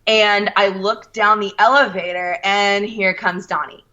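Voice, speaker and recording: Bright-voiced woman telling a story. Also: medium pitch, measured pace, lo-fi sound. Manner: animated, quotes others in her story. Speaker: guest. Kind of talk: casual storytelling.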